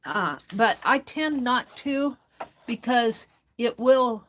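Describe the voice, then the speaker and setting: A woman's voice: a little high, animated, takes it slowly, a bit bright, a little hiss or hum. A woman hosting a crafting livestream, chatting casually and reading viewer comments aloud as she works.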